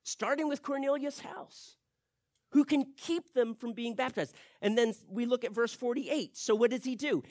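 A man preaching an expository sermon, animated and acting out the people he quotes. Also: very high-pitched, normal speed, dry recording, clean studio sound. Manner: animated, acts out quoted speech.

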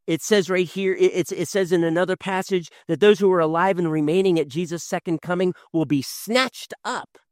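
A man, a father in his thirties, preaching a sermon, swinging from loud emphasis to hushed tones. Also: sits high, moderate pace, hardly any pauses, no echo, studio quality. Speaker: pastor.

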